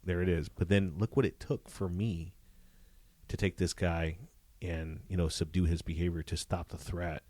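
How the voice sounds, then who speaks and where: A man, a former police detective, telling profane, animated stories from his career in a casual interview. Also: deep voice, moderate pace, no room sound. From Southern California. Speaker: retired police detective, guest.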